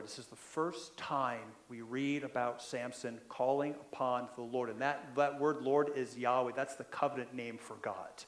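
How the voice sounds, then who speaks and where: A man preaching a sermon in a conversational way, often checking in with the listeners, and growing louder when he stresses a point. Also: mid-range voice, moderate pace, reverberant. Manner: conversational, keeps asking "right?"; animated, builds in loudness when stressing a point. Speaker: pastor.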